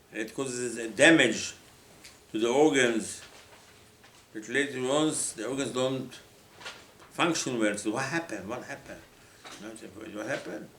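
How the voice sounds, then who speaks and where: A man delivers a sermon in a roomy, echoing space. He speaks at a middle pitch, stresses his points through repetition, and slips into the voices of the people he quotes. A faint hum of ambience sits behind him. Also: a bit bright. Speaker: rabbi. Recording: echoey room with faint ambience.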